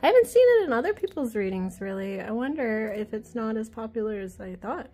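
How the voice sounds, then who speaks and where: A woman's voice: a little high, sing-song, brisk, warm tone. A woman with a child chatting casually while flipping through an oracle deck, giggling often, wandering off-topic and teasing herself. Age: adult with a child. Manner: chatty, giggly, self-deprecating, easily sidetracked.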